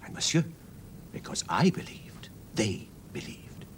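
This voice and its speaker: A man's voice: mid-range voice, wildly swooping pitch, moderate pace, a little hiss or hum. An older man playing a retired stage actor in a period TV drama, speaking in a grand, courtly, theatrical way.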